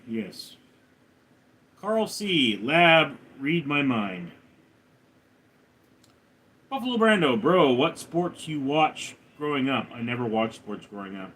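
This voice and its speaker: A man live streaming, reading viewers' names and questions aloud and answering them in a lower, quieter tone. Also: very animated, slow, pauses often. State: recovering from a hospital stay. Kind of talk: casual live stream chat.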